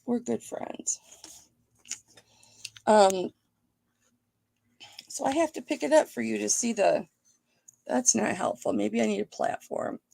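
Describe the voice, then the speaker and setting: A woman hosting a live online jewelry auction, chatting playfully with her viewers and thinking out loud. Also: medium pitch, animated, a little slow, creaky, long pauses. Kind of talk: casual live-stream auction patter.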